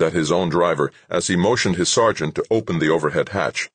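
Very deep husky male narrator. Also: no echo. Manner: steady, measured reading. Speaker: audiobook narrator. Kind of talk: scripted narration.

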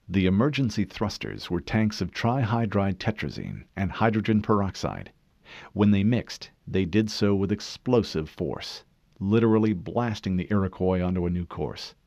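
A man reading a novel aloud in measured, expressive scripted narration. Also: sits low, dry recording, clean studio sound. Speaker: audiobook narrator.

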